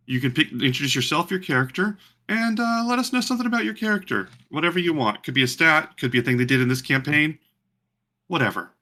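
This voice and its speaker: A man's voice: on the high side, bright, forceful tone. A man running a tabletop game online, joking loosely with many ums as he introduces the players. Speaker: game master. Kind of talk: casual game narration and chat.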